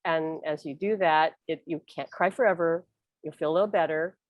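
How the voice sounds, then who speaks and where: Host type, middle-aged woman, lowish voice, earnest and rambly, dry close sound. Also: fairly even intonation, moderate pace, no echo, highs cut off. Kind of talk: casual spiritual chat.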